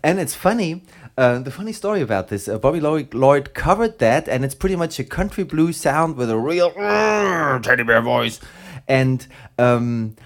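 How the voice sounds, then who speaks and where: A man's voice: medium pitch, sing-song, moderate pace, fairly bright tone. Enthusiastic rambling male radio DJ. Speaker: radio DJ and record collector. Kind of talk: casual radio chat between records.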